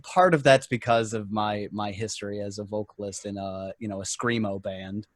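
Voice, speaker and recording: A man's voice: lowish voice, fairly even intonation, moderate pace, no room sound. Enthusiastic man on a dry close mic. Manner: enthusiastic, emphatic. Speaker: podcast co-host. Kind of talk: casual chat among game masters.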